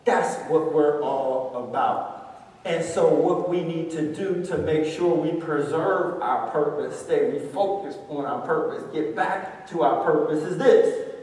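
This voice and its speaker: A man gives an animated motivational talk, drawing the crowd into call-and-response. His voice sits high for a man. It is recorded from far off in a big echoing hall with a long reverb. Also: a little slow. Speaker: motivational speaker. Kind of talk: live talk to a student audience. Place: large hall with audience.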